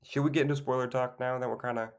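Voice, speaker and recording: A man's voice: mid-range voice, fairly even intonation, very fast, clean tone. A man co-hosting a podcast, chatting casually about a movie in a loose, rambling way with plenty of fillers and restarts. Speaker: podcast co-host. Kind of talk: casual film discussion.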